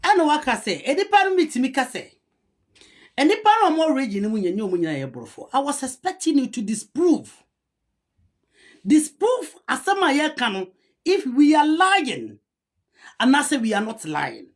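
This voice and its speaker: A woman's voice: high-pitched, huge pitch swings, normal speed. A woman with a Ghanaian accent giving heated commentary, rebutting a historian and switching between a local language and English. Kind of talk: argumentative commentary.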